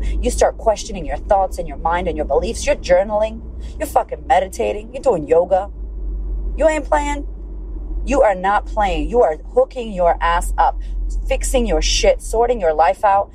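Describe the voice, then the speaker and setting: A woman's voice: on the low side, mellow, a little hiss or hum, rough recording. A woman hosting a podcast, giving a blunt, profane, fired-up motivational pep talk. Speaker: podcast host and life coach.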